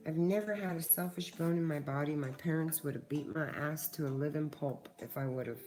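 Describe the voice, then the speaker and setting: A middle-aged woman with a lowish voice chats to her livestream viewers, casual and a little profane. She sounds warm toward her audience while she works, and faint music plays in the background. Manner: chatty, swears freely, talks to viewers in chat. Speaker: livestream host.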